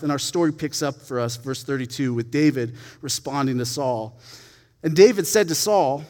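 A man's voice: fairly high pitch, a little fast. A man reading a Bible passage aloud, then retelling it in a chatty, joking way with laughing asides. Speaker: Bible teacher. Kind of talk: scripture reading and casual commentary. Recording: long hall reverb.

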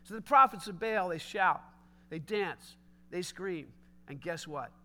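High-voiced animated preacher man. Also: unhurried. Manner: animated storytelling, casual asides. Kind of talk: sermon.

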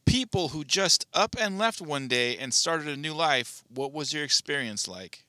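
A man's voice: a little high, lively intonation, moderate pace, bright, forceful tone, no room sound, studio quality. A man from Southern California co-hosting a podcast, telling a personal story in a laid-back, hesitant way. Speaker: podcast co-host. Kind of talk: casual chat.

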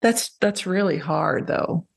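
A woman host with a low voice and a gravelly edge of vocal fry. She talks in a relaxed, casual way, sharing personal stories openly. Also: slow. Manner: open, personal storytelling. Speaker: podcast host. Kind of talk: casual conversation.

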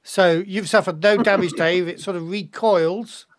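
A man's voice: sits high, steady tone, unhurried, no room sound, clean studio sound. A man running a tabletop game as game master, hesitant, with many fillers and chuckles.

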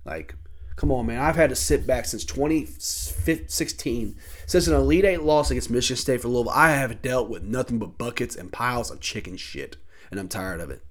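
A man in his thirties ranting alone about college sports, swearing often, irritated and heated, with sudden loud outbursts. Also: mid-range voice, moderate pace. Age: 30s. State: annoyed. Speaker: sports talk host. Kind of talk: solo sports rant.

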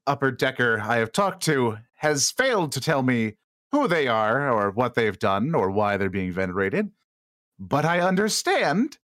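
A stern starship captain addresses his crew in a slow, pompous, commanding voice, as a man acts him out. He draws out each word over a lively melody, with a dry, close sound. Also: mid-range voice, dry recording.

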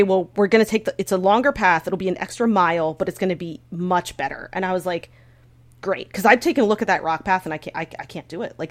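A young woman casually telling a story on a podcast, full of fillers and restarts, breaking into squealing high bits as she acts out her own panic. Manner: frequent filler words, restarts. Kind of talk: casual chat.

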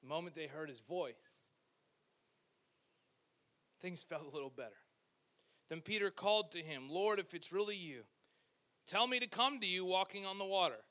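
A man preaching a sermon, retelling a scripture story in a lively way with joking asides. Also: high-pitched, moderate pace, long pauses. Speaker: pastor. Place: church stage.

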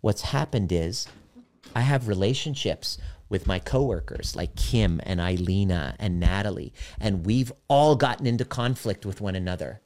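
Man, deep voice, personal development coach, candid storytelling, swears freely. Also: lively intonation, normal speed, a little mellow. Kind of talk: casual monologue.

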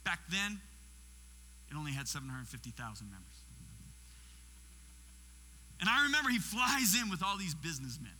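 A guest speaker in his sixties preaches a sermon in a high, sharply bright voice with big pitch swings, a moderate pace and long pauses. He tells stories, acting out quotes and questioning the congregation directly. The big hall gives a long reverb over a faint mains hum.

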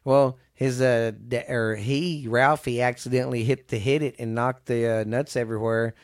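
A man's voice: mid-range voice, fairly even intonation, moderate pace, no echo, studio quality. A man in his forties co-hosting a podcast, chatting casually and retelling movie scenes in a rambling, profane way. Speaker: podcast co-host. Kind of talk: casual chat.

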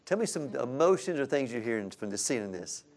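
A man leads an interactive Bible lesson for parents in a church classroom. His pitch moves a lot as he asks questions and picks up the answers from the group. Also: big pitch swings, a little fast, darkish tone. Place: church classroom with a live audience.

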